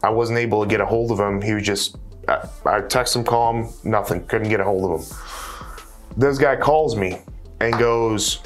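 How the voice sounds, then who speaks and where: A man's voice: fairly low pitch, moderate pace, faint music behind. A man telling a real estate story in casual conversation, earnest, repeating himself and restarting his phrases. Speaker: guest real estate wholesaler.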